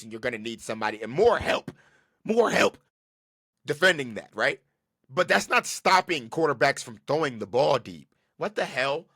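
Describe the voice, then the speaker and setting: A man hosting a solo podcast rants about football with a bright, lively voice that swings up and down a lot. He repeats his points for emphasis and talks in a loose, slangy way. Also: a little high, moderate pace. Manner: ranting, emphatic, repeats himself; slangy and casual. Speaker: podcast host.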